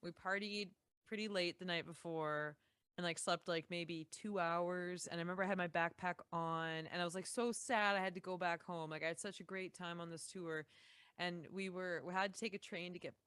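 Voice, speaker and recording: A young Canadian woman talks as a podcast guest, rambling casually with many "like"s and restarts. Her voice sits a little low and comes across smooth and clear. The recording is dry and close. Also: normal speed, a bit bright, no echo. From Saskatchewan, Canada. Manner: chatty, many fillers and restarts. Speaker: musician guest.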